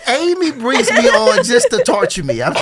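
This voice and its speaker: A man appearing as a guest on a comedy podcast, telling stories with an incredulous, teasing manner. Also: extremely high pitch. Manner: animated, incredulous, teasing storyteller. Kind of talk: casual comedic chat.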